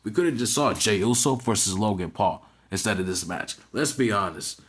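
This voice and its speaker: A man's voice: medium pitch, fairly bright tone. A man giving a casual, profane, mocking recap of a wrestling show, full of "right?" and "you know what I'm saying" fillers. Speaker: wrestling reviewer.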